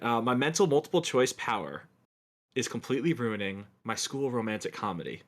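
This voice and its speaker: Co-host, male, middle pitch, deadpan sarcastic jokes, casual discussion. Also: normal speed. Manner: dry sarcastic humor. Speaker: podcast co-host.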